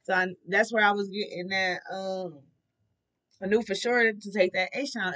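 A woman's voice: medium pitch, moderate pace, fairly bright tone. A woman giving a casual tarot reading, blunt and profane, talking animatedly to her viewers. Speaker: tarot reader.

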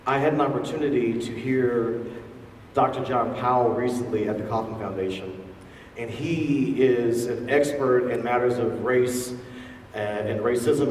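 A man's voice: medium pitch, darkish tone, slight background noise. A man giving a public talk to a live audience, asking the crowd questions as he speaks. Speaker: featured speaker. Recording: echoey hall from far off.

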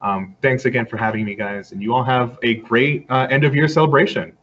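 A man's voice: medium pitch, fairly even intonation, fairly quick. A man from Puerto Rico giving an earnest, conversational online lecture and answering questions, with frequent fillers. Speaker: guest lecturer. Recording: slightly dull video-call audio with faint background noise.

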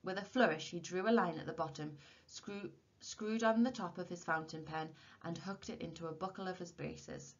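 A woman teacher reading a novel aloud to her class in a steady, expressive way. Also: fairly low pitch, moderate pace. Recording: dull lo-fi recording.

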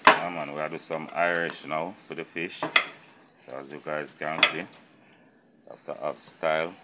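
A Jamaican man with a remarkably deep voice hosts his outdoor cooking channel. He talks to his viewers in a loose, patois-flavoured way. Frying sizzle and the clatter of pots carry clearly behind him. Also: steady tone, measured pace, heavy background noise. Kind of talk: casual cooking vlog. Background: frying sizzle and pot clatter.

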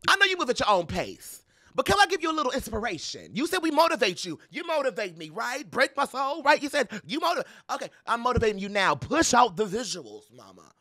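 A young adult man giving playful, sassy pop culture commentary to camera, dramatic and full of mock quotes and quick laughs. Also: extremely high pitch, sing-song, pushed and bright, no echo, clean studio sound. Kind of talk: animated casual commentary to camera.

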